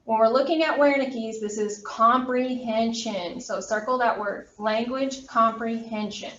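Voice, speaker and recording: A woman teaching a college anatomy class in a classroom, talking fast and emphatically with chatty asides. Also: fairly high pitch, steady tone, a bit bright, distant mic, slight background noise. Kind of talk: classroom lecture. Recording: echoey, dull lecture room recording from afar.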